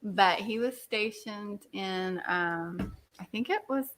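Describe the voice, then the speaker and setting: A woman co-hosting a casual chat, telling stories in a giggly, animated way. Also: mid-range voice, slow, rough recording. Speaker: co-host.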